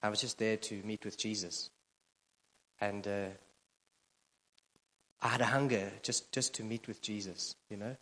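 A man's voice: lowish voice, fairly even intonation, unhurried, pauses often, a bit bright. A man preaching a sermon as the church's pastor, conversational and joking, with plenty of fillers. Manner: conversational, self-deprecating humor, frequent fillers. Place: church auditorium. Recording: long hall reverb from a church PA.

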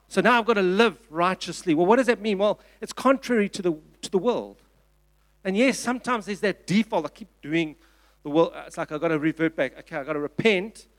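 South African pastor preaching, fairly high voice. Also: male voice, fairly bright tone. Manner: earnest, emphatic preaching with repeated phrases. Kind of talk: sermon. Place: church.

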